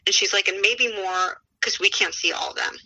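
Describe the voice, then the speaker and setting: A woman's voice: mid-range voice, normal speed, pushed and bright, husky, poor audio. A woman in her thirties, a podcast guest, telling her story in a chatty, casual way and acting out what others said to her. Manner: chatty, retells dialogue with many "she's like".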